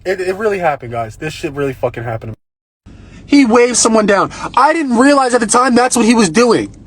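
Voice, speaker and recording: High-voiced man rambling on a livestream. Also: brisk, husky. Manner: profane, rambling, excitable. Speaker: live-streamer. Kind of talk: casual live-stream storytelling. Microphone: phone.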